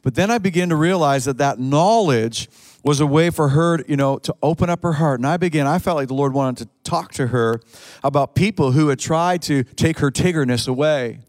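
A man preaching a sermon, telling a story with lively acted-out quotes and frequent restarts. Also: fairly high pitch, normal speed, dry recording. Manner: animated storyteller, acts out quotes, many restarts. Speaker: pastor.

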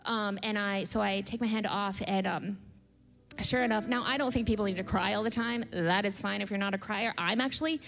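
A woman's voice: mid-range voice, brisk. A woman in her thirties telling stories in a church sermon, chatty and full of fillers, laughing as she acts out what people said. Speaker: church speaker. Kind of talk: sermon storytelling. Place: church auditorium. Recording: long hall reverb with soft music behind.

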